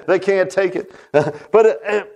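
A man's voice: high voice, gravelly, darkish tone. A man preaching a sermon as pastor, folksy and emphatic, with frequent "huh?" asides and storytelling.

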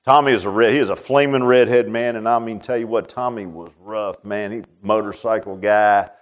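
A man's voice: fairly low pitch, fairly even intonation, normal speed. An older man telling a personal story in a sermon, folksy and repetitive, leaning on filler like "man". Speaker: preacher.

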